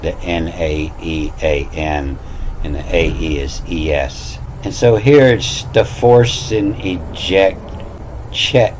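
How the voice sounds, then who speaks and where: A man's voice: low voice, a little hiss or hum, rough recording. A man giving a meandering, self-taught lesson, spelling out letters and repeating words with frequent "you know" fillers. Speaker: self-styled language teacher. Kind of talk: rambling explanatory monologue.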